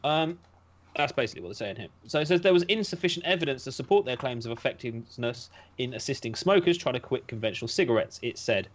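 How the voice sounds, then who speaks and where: A man's voice: medium pitch, animated, quick pace. A man from the United Kingdom co-hosting a casual podcast chat, reading news aloud with jokey, sarcastic asides. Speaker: podcast co-host.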